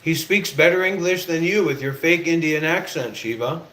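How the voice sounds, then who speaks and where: A sarcastic man hosting a livestream, talking bluntly and teasing the people around him. His voice is bright and forward, and a faint background hiss sits under it. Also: on the high side, moderate pace. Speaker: livestream host. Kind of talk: casual livestream chat.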